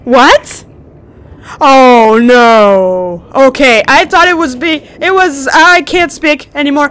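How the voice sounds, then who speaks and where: A woman's voice: high-pitched, lively intonation, slow, pauses often, heavy background noise. Shrieking young woman gaming. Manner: screaming, swearing, nervous laughter. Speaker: gaming channel host. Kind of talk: let's play commentary.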